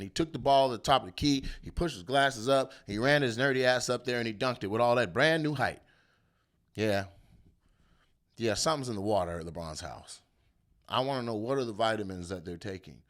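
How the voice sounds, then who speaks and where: Komedian pria yang lantang dan animatif. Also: male voice, mid-range voice. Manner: animated, profane, jumps into loud bits and mock voices. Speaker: comedian host. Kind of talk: comedic rant on the news.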